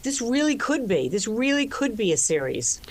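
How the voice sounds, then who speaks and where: An older woman in a relaxed interview, talking about making her film, full of restarts and "you know"s. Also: fairly high pitch, normal speed. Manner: expansive, restarts often, many "you know"s. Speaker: actress and co-writer discussing her film. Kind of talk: conversational interview.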